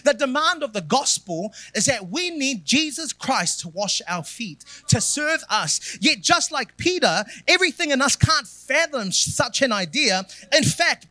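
Male pastor, bright forceful preaching tone, emphatic build-ups. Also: very high voice, no echo. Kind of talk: sermon.

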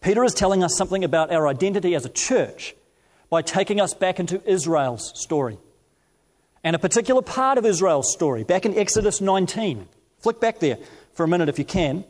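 A middle-aged man leads a sermon, his voice sitting a little above the usual male range. He reads scripture in a measured, deliberate way and moves easily into personal stories. He speaks as a pastor addressing his congregation. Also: high voice, expressive, darkish tone. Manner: storytelling, measured scripture reading.

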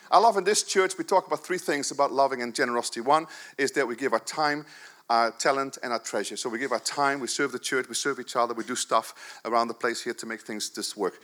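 A man in his fifties, a pastor giving a jokey, animated sermon at a church service, swinging between loud bursts and soft asides. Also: medium pitch.

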